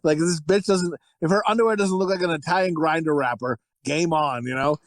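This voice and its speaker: A man riffs crudely through a movie review on a podcast, excitable and profane. His talk rambles and piles up asides, and the room around his voice stays dry and close. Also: a little high, a little fast, no echo, poor audio. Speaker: podcast co-host. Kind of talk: casual movie review chat.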